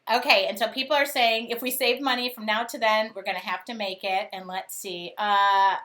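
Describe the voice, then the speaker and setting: A woman's voice: mid-range voice, fairly even intonation, moderate pace, fairly bright tone. A woman hosting a casual craft livestream, giggling often and reading viewer comments aloud. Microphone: phone speakerphone call alongside.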